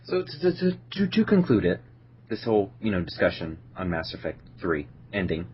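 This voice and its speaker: A man's voice: sits low, big pitch swings, moderate pace, muffled recording, a little hiss or hum. A man co-hosting a casual gaming podcast, sarcastic and teasing. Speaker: podcast co-host.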